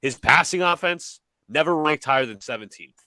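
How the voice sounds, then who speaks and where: A man with a lively, swinging voice making his case on a sports podcast. He is argumentative and emphatic, hammering each point home, and the sound is dry and close with no room echo. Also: on the high side, moderate pace, gravelly. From New York area. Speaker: podcast host. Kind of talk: animated sports debate.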